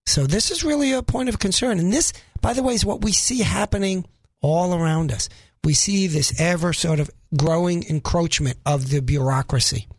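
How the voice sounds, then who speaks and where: A man's voice: fairly high pitch, no echo. A middle-aged man from the Northeast US hosting a radio talk show, delivering an opinionated monologue full of sarcastic, emphatic rhetorical questions.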